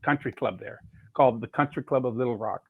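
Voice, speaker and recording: Chef telling stories on a tinny line. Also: male voice, mid-range voice, brisk, breathy edge, no echo. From California. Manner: rambling anecdotes with quoted dialogue. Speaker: chef, podcast guest. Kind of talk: casual storytelling interview. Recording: tinny phone-like dry sound.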